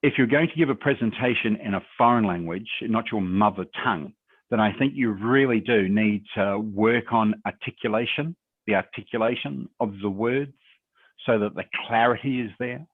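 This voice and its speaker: A man's voice: on the low side, moderate pace, no room sound. A man speaking as a guest on a video call, giving conversational, encouraging advice on public speaking and answering questions reflectively. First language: English. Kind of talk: webinar Q&A advice. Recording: dry, tinny phone-like call audio.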